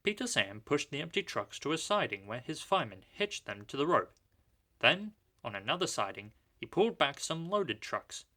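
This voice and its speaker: A man reading a children's storybook aloud, narrating in a lively, expressive way. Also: a little high, normal speed.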